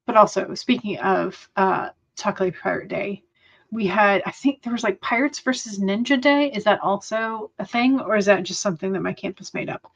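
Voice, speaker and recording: Speaking to live viewers during a writing sprint stream, this young host keeps things casual, full of fillers and little laughs. She has a creaky, mid-range voice at a moderate pace, captured in dull, lo-fi audio.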